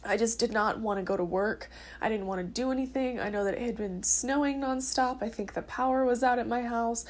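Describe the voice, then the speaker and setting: Young woman, early twenties, slightly high voice, casual and heartfelt personal vlog delivery. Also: fairly quick. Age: early 20s. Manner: earnest and chatty, with filler words. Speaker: vlogger sharing her testimony.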